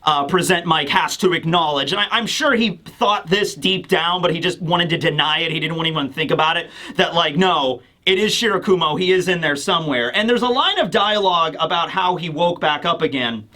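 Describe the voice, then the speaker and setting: Male reviewer, high and bright, rambling casual recap. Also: fairly quick, few pauses. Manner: rambling, fillers, slips into character voices. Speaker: manga reviewer. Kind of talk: casual commentary.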